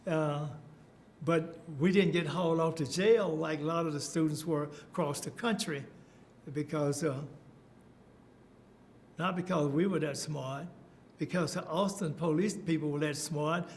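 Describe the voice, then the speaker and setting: Older man, oral history storyteller, slightly high voice, light hum of background noise. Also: steady tone, measured pace. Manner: storytelling, chuckling, many fillers and restarts. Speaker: interviewee.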